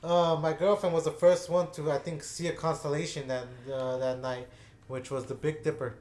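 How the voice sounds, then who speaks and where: A man's voice: on the high side, little pitch movement, moderate pace, darkish tone. A man casually telling a story to his channel's viewers, rambling, with lots of fillers and restarts. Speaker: gaming channel host. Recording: echoey room.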